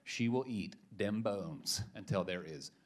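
A man's voice: low-pitched, unhurried. Joking man preaching a casual sermon. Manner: joking, chatty storytelling with lots of restarts. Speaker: pastor. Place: church.

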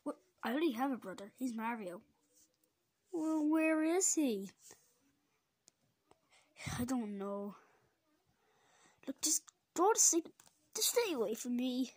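A woman's voice: high voice, very animated, slow, pauses often, a little mellow, no echo, studio quality, heavily acted. A woman voicing a sleepy, grumpy grown man who keeps complaining in exasperation. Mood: irritated. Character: sleepy grumpy adult male plumber.

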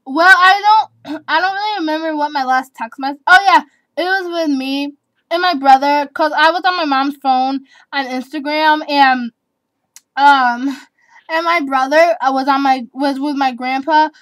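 Little girl around eleven rambling thru tag questions, high voice, giggles a lot, repeats stuff. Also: unhurried, a bit bright, dry recording. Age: child, eleven. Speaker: vlogger. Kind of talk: casual chat answering tag questions.

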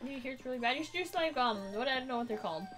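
A woman's voice: high-pitched, animated, very fast, a bit bright, soft background music. A young woman co-hosting a gaming livestream, playful and teasing, laughing between lines. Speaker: livestream co-host. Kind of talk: casual gaming stream chat.

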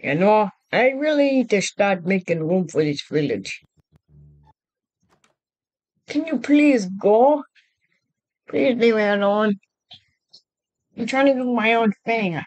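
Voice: mid-range voice, lively intonation, slow, pauses often, no room sound. A performer voicing a timid, easily frightened man in a fan-made game role-play, crying out and pleading with lots of repetition. Faint music plays underneath. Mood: annoyed. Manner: frantic cries and pleading, repeating himself. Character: timid young adult plumber man, jumpy and easily scared.

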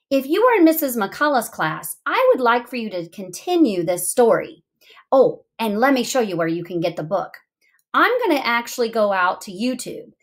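A middle-aged woman teacher giving a remote reading lesson to young children, thinking aloud in an expressive, sing-song way. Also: on the high side.

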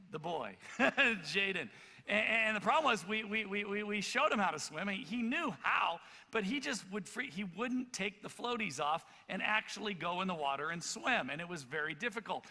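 A man preaching a sermon as pastor, telling a story in an animated, loud way with many stammered restarts. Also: high voice, normal speed. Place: church auditorium. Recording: reverberant church hall.

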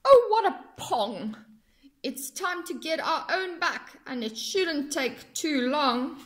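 A woman's voice: sits high, animated, slow pace, a bit bright, full character voice. A woman voicing a scheming, cranky old male hermit crab in a storybook, exclaiming shrilly. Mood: disgusted.

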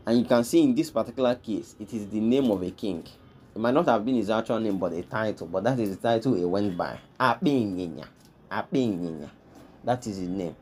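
A man's voice: lowish voice, animated, fairly quick, a little mellow, a little hiss or hum. A man, hosting a history lesson, walking through a pictured list and repeating each name with emphasis. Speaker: history channel host. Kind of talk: explaining pictured lists of names.

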